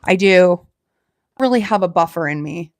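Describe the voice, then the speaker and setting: A woman with a Southern Alabama accent chats with her livestream viewers in a self-deprecating way. She talks quickly and lets her words slur together. The sound is dry and close, with no room echo. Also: fairly low pitch, animated. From Alabama, USA. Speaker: livestream host. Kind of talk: casual live-stream chat with viewers.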